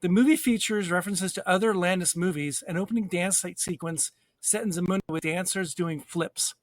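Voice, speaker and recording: A man's voice: high voice, brisk, no echo, clean studio sound. A man co-hosting a casual movie podcast, reading out trivia and reacting with amusement. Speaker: podcast co-host. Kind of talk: casual movie chat over drinks.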